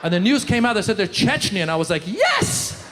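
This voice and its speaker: A man doing a stand-up comedy set, animated, slipping into loud impressions of the people in his jokes. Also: high-pitched, rapid-fire, a little hiss or hum. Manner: animated, jumps into shouted impressions. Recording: live show in a large hall.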